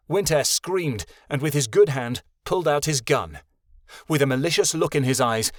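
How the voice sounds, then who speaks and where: A man reading a fantasy audiobook as narrator, in a steady, measured way. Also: medium pitch, dry recording, clean studio sound. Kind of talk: scripted narration.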